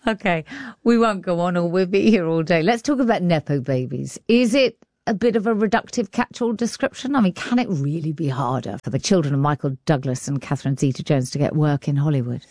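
A woman hosting a radio arts show, presenting and chatting in a lively way. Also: deep voice, fairly quick, no room sound, clean studio sound. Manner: animated, chatty presenting with laughs.

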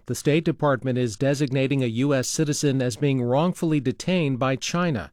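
Male network newscaster, crisp and even, dry close studio read. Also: mid-range voice, a little fast, no room sound. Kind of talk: newscast reading.

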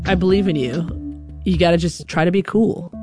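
A woman voicing her older brother giving a brisk pep talk. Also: on the low side, over music, lightly acted. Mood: encouraging. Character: encouraging older brother, coaching advice.

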